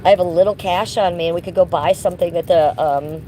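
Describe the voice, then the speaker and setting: Woman streamer, low-ish voice, casual rambling chat to viewers, occasional smoker's cough, phone mic outdoors, faint traffic behind. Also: steady tone, fast talker, dark tone. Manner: chatty, rambling, talks to her chat by name. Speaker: live streamer. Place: outdoors, walking around.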